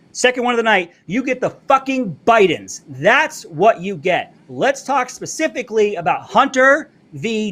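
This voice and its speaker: A man hosting a live political commentary stream, brash and fast-talking, pushing his merch between topics. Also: high-pitched, a bit bright. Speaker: show host. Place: Florida.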